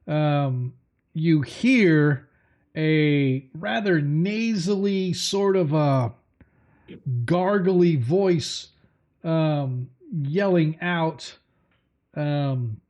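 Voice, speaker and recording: A man narrating a tabletop game as game master, halting and apologetic while he searches his notes. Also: on the high side, darkish tone.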